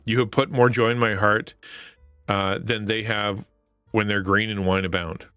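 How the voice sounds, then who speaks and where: A man's voice: lowish voice, steady tone, normal speed, fairly bright tone, clear, resonant tone, no room sound, clean studio sound, faint music behind. A man hosting a live stream, talking through a psalm in an earnest, conversational way with frequent restarts and rhetorical questions. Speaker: Christian streamer and devotional host. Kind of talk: casual devotional chat on a stream.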